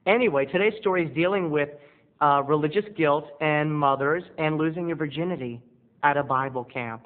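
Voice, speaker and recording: A man rambles through a self-mocking confessional monologue, his voice sitting a little high. The sound is thin and tinny, like a phone line. He talks to the camera from his bedroom studio. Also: a little fast. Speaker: video blogger.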